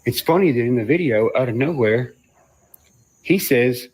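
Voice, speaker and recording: A man's voice: mid-range voice, expressive, moderate pace, darkish tone, slightly rough. A man telling a rambling story on a livestream, swearing and laughing between phrases. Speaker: musician on a livestream. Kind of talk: rambling live-stream storytelling.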